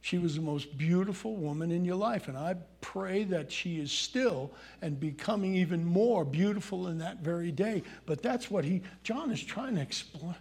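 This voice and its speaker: A man's voice: high-pitched, animated, normal speed, hardly any pauses, darkish tone, slightly rough. A man preaching a sermon, folksy and conversational, reading scripture and asking his congregation questions. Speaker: pastor.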